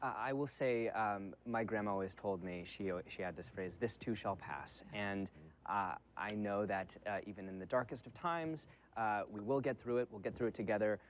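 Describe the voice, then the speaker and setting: An earnest man on a video-call panel, speaking haltingly with fillers. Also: fairly low pitch, a little hiss or hum. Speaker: voice actor panelist. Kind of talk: casual panel chat.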